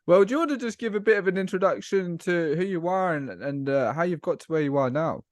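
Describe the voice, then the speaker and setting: A man's voice: sits high, fast, dry recording. A British man hosts a podcast and greets his guest eagerly. He is recorded dry and close, with almost no room sound around his voice. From British Isles. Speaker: podcast host. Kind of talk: conversational podcast interview.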